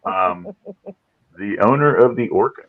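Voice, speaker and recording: A man's voice: mid-range voice, sing-song, a little slow, creaky, phone-quality sound, a crowd in the background. A man hosting a live online show, talking in an upbeat, rambling way with restarts. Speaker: podcast host. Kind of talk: casual live-show chat.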